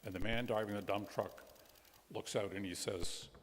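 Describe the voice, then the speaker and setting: A man, a guest minister, tells a children's story in a church sanctuary with lively, animated delivery and friendly asides. His voice sits low. A long reverb hangs in the hall. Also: normal speed, a little hiss or hum.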